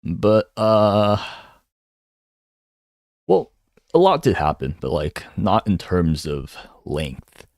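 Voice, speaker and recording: A man's voice: low-pitched, big pitch swings, very slow, long pauses, darkish tone, dry recording, clean studio sound. A man giving a casual solo breakdown of a comic chapter. He rambles and hums filler syllables while he thinks. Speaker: manga commentator.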